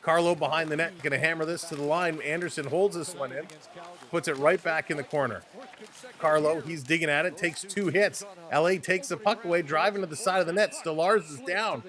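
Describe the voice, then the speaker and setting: Canadian male livestream commentator, slightly high-pitched, energetic play-by-play with chat shout-outs. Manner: fast, excitable calls, greets chat viewers. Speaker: play-by-play host.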